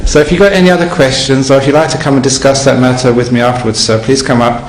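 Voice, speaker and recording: A man, a Buddhist monk, giving a dharma talk to a live audience with relaxed storytelling and wry humor. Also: medium pitch, fast talker, slight background noise. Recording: echoey hall, faint ambience.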